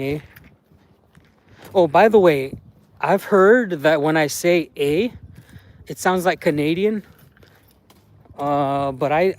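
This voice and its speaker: A man's voice: fairly high pitch, darkish tone. A man from the United States chatting casually on a live stream while out in a small town, rambling and often ending phrases with "man".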